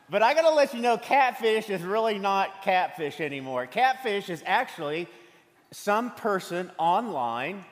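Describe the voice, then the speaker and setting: High-voiced pastor in an echoing church. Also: male voice. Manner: humorous, storytelling. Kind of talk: sermon. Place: church sanctuary. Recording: long hall reverb from a church sanctuary.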